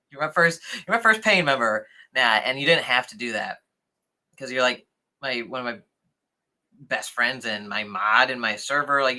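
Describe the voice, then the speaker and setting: A young man hosts a casual livestream, reading comments and thanking his viewers with excitable, chatty energy. His voice sits at a middling pitch and has a very bright, forceful tone. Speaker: livestream host.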